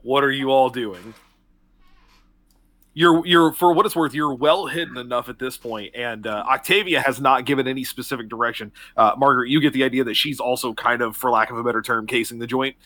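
A man running a tabletop game, setting the scene in a loose, casual way full of fillers. His voice is bright and sits in the middle range. The sound is dry and close. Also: mid-range voice, fairly even intonation, fairly quick, no room sound. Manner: casual, filler-heavy narration. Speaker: game master.

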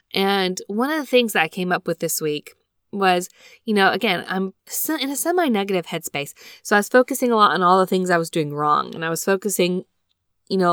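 A woman hosting a devotional scripture-study podcast from a small closet on a laptop microphone, reading verses slowly and then reflecting earnestly. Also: on the low side, fairly bright tone, smooth, no echo, clean studio sound. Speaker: podcast host. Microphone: built-in laptop microphone.

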